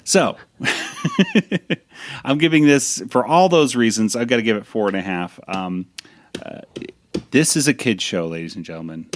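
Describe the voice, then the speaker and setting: A man's voice: fairly low pitch, expressive, moderate pace, long pauses. A man hosting a podcast in casual chat, rambling with restarts and talking fondly about old cartoons. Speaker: podcast host.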